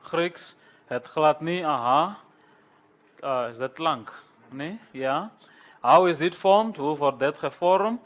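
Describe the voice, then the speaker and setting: A man lecturing a class on Greek, slow and halting, with many pauses and repeated words. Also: on the high side.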